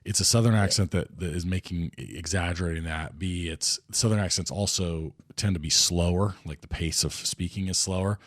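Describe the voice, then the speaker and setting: Deep-voiced rambling man. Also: moderate pace, hardly any pauses, dry recording, studio quality. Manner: rambling, with many restarts and fillers. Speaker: podcast host. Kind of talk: casual movie podcast chat.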